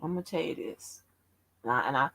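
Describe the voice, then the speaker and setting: A brash woman livestream host with a bright, lively voice that swoops up and down as she needles her chat. She talks slowly and profanely, and the sound is dry and close. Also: extremely low pitch, creaky, breathy edge, no room sound, rough recording. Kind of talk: casual live-stream chat.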